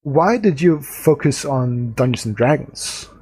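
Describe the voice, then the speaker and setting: Danish man, husky voice, hesitant podcast host. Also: medium pitch, expressive, unhurried, a little mellow. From Denmark. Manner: hesitant, searching for words. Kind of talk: casual interview chat.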